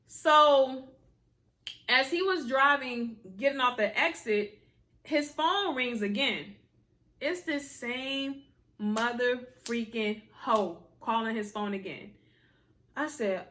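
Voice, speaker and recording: A young woman telling a personal story to her viewers in a casual, animated way, full of slang and exasperated asides. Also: fairly high pitch, slow.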